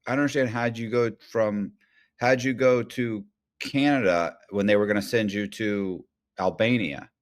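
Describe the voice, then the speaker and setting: A man's voice: fairly low pitch, moderate pace, no room sound. A man interviewing a guest, mostly giving short replies and asking questions. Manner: brief listening responses and questions. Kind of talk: casual interview.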